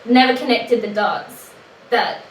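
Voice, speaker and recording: A young woman guest on a podcast, telling a relaxed anecdote and quoting others in casual chat. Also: on the high side, unhurried. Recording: echoey room, distant mic, clear background noise.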